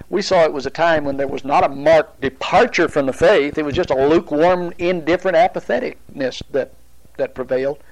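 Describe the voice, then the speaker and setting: Man, Bible study teacher, fairly high voice, deliberate lecture with pauses. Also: low-quality recording. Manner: explanatory, deliberate with pauses and restarts.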